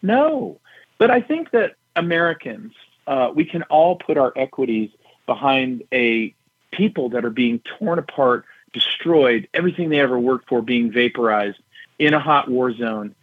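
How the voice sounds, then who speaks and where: A middle-aged man talks as a guest, measured and emphatic, with a husky edge to his voice. He comes through a tinny phone line that sounds dry and close. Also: mid-range voice, expressive, no room sound. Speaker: guest, retired general. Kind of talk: political talk show interview.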